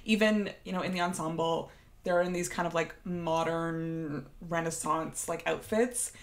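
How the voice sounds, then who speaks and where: A woman's voice: low voice, normal speed, creaky. A woman co-hosting a theatre podcast, chatting casually and laughing often. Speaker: podcast co-host. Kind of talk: casual chat.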